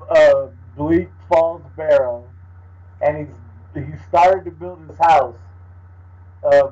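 A man with a husky, slightly raised voice trades jokes in loose podcast chat. The audio is dull and lo-fi. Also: fairly high pitch, a little mellow. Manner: wry, joking, quick to riff. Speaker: podcast co-host. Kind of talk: casual chat.

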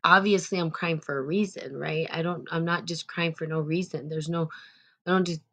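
A woman's voice: low voice, fairly even intonation, a little fast. A woman hosting a live stream, reading out viewer comments and telling an emotional personal story in a rambling way, close to tears. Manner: rambling, with frequent restarts and loud bursts. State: on the verge of tears.

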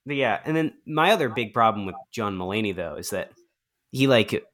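A man co-hosting a podcast in casual comedic chat, sarcastic and quick to slip into mock voices. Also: on the low side, animated, a bit bright. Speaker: podcast co-host.

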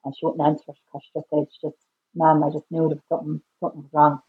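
A woman's voice: sits low, monotone, rapid-fire, husky, narrow, tinny audio. A middle-aged woman with an Irish accent, a podcast guest telling a painful personal story, repeating herself and acting out the dialogue with her voice climbing. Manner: repeats "I said" constantly, re-enacts dialogue with rising voice.

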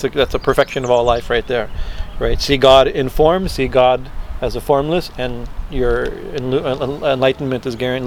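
A man giving a scripture class lecture, halting often with fillers and asking "right?" to his listeners. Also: medium pitch, a little hiss or hum. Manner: halting, many fillers and tag questions. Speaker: scripture teacher.

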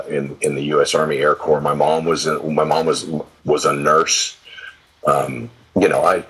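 A man in his sixties from California, guesting on a podcast, speaks in an extremely low, gravel-edged, husky voice. He tells loose, salty stories, often restarting his sentences as he goes. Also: fairly bright tone, rough recording. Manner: rambling, profane, with many restarts. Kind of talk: casual storytelling interview.

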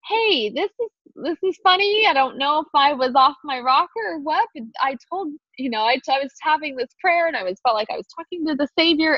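A woman co-hosting a faith podcast, telling a story in an animated way and acting out the dialogue. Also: sits high, no echo, highs cut off. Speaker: podcast co-host. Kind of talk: casual faith podcast chat.

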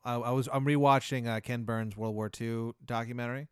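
A man in a casual comedic chat, laid-back and amused, often halting with fillers. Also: medium pitch, flat delivery, clear, resonant tone, no room sound, studio quality.

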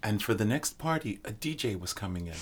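An older man, a drummer, telling stories as a guest in a casual podcast chat, animated and quick to laugh. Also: lowish voice, breathy edge. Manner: animated storyteller, bursts into laughter.

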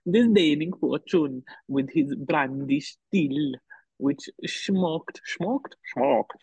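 A man's voice: on the high side, lively intonation, gravelly, a little mellow, breathy edge, no room sound, full character voice, poor audio. A man playing a sad, drunk young woman in a club, reciting Shakespeare in an attempted Welsh accent that keeps drifting. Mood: mock tragic. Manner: halting, laughing through lines, breaking off to comment.

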